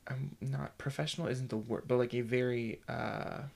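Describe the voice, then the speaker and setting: A man co-hosting a podcast, chatting casually and rambling with many halting restarts. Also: mid-range voice, steady tone, gravelly, a little mellow. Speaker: podcast co-host. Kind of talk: casual chat.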